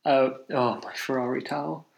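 A young man from England tells a long story on a casual podcast. He rambles and mocks himself, with plenty of fillers, restarts and false starts. His voice sits at an ordinary middle pitch. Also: fairly even intonation, moderate pace, vocal fry, low-quality recording. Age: young adult. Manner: rambling, self-mocking, with many restarts and fillers. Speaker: podcast co-host.

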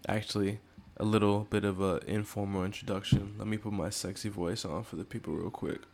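A man's voice: on the low side, fairly even intonation, a little fast, vocal fry, darkish tone, slight background noise. A man hosting a casual podcast chat, talking in a loose, rambling way and laughing often. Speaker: podcast host.

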